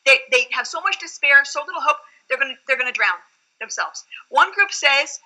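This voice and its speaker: A woman's voice: high voice, expressive, fairly quick, bright, forceful tone, low-quality recording. A woman rabbi explaining scripture in an earnest, reflective teaching tone during a study conversation.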